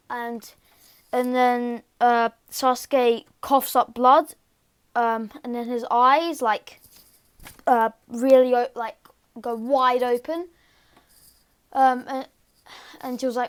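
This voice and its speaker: Woman, unhurried casual storyteller, halting delivery with constant fillers, voice sits up high. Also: clear, resonant tone. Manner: rambling and halting, full of fillers and restarts. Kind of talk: casual retelling of a fan story.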